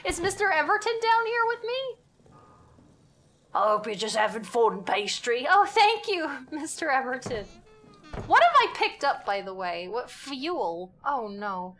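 A high, bright voice from a young woman streamer who narrates her horror game to herself. Her pitch leaps all over the place as she gets jumpy, swears and giggles through the scares. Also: big pitch swings, a little slow, a little hiss or hum. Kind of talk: live gaming commentary.

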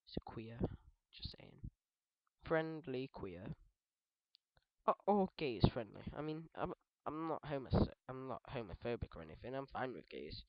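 British teen rambling over a let's play, jokey, keeps correcting himself, dull dry cheap mic. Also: male voice, medium pitch, sing-song, moderate pace, no room sound. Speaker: gaming video host. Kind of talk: casual let's play commentary.

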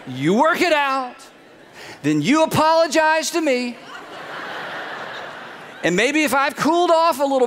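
A man's voice: very high voice, a bit bright, big-room sound, pitched above the performer's own voice. A man voicing the first man as a defensive adult who shifts the blame onto others. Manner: indignant, self-justifying.

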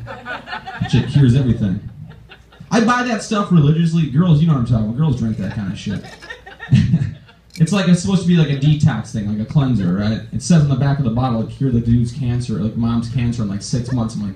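A man's voice: medium pitch, animated, a little fast, mellow, reverberant, recorded from a distance. A young man doing a stand-up set, telling rambling, profane stories with growing exasperation. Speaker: stand-up comedian. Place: comedy club stage.

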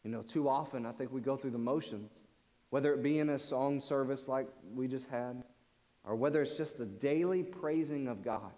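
A man preaches earnestly at a moderate pace, his warm mid-range voice repeating words as he drives home a point. The setting is a large church sanctuary, and the recording carries long hall reverb.

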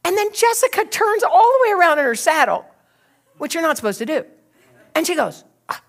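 Animated, laughing woman preacher in her sixties. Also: extremely high pitch, brisk, pauses often. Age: 60s. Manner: animated and laughing, acting out her own story. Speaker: pastor. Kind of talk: sermon storytelling.

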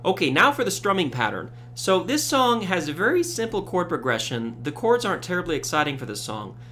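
A man giving a casual ukulele tutorial, relaxed, with frequent fillers, counting beats aloud. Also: high voice, fairly quick, soft background music. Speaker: ukulele teacher. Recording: loud ukulele under voice. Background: ukulele strumming.

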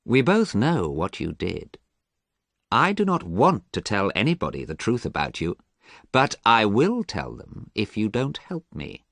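A man's voice: on the low side, wildly swooping pitch, a little slow, creaky, fairly bright tone, no echo, voice pushed up, exaggerated voice. A man voicing a desperate young man who urgently commands and threatens. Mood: threatening. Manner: urgent, insistent pleading.

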